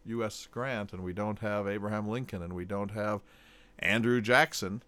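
A man's voice: lowish voice, fairly even intonation, normal speed, bright, forceful tone, no echo. A man from North Dakota with a plain Midwestern accent, hosting a radio talk show and speaking with a slight hesitant catch in his voice. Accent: General American Midwestern.

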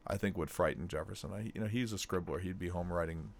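A man's voice: low voice, quick pace, gravelly. Hesitant Midwestern man, radio host. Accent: General American Midwestern. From North Dakota. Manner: hesitant, with a slight catch in the voice. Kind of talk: radio talk show conversation.

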